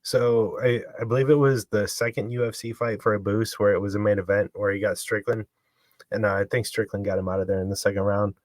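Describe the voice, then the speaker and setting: A man co-hosting a casual podcast, weighing fight picks in a measured, analytical way. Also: fairly low pitch, fairly even intonation, a little mellow, dry recording. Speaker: podcast co-host. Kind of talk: casual sports betting chat.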